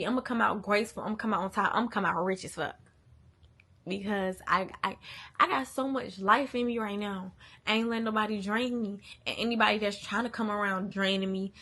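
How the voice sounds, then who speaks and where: A woman's voice: medium pitch, creaky, fairly bright tone. A young woman, a mother, talking candidly and bluntly to the camera, swearing often and repeating lines for emphasis. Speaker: mother venting on a channel. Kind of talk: candid casual venting monologue.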